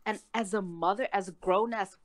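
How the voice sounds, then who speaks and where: A woman's voice: mid-range voice, moderate pace, no room sound. A woman in a heated casual chat, ranting angrily with a lot of swearing. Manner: angry, profane ranting.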